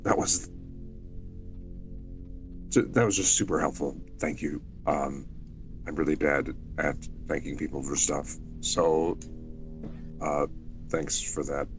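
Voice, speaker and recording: A man voicing an awkward adventurer who whispers halting thanks to a companion. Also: very deep voice, fairly even intonation, over music, voice pushed down, heavily acted. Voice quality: soft, hushed. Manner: halting, self-conscious.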